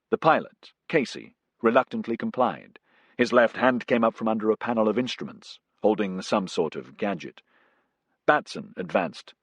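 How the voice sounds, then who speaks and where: Low, husky male storyteller. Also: no room sound. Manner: measured storytelling. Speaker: audiobook narrator. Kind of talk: scripted narration.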